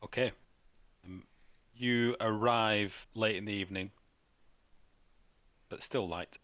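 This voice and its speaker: A man's voice: fairly low pitch, fairly even intonation, slow pace, a bit bright, dry recording. A man narrating as game master in a tabletop game, playful and teasing, with frequent restarts.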